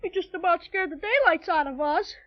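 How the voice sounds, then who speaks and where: Eager little boy, very high and bouncy, old muffled radio. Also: brisk. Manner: excited exclamations. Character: young boy, eager and excitable. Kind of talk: 1930s radio drama. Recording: dull old radio recording.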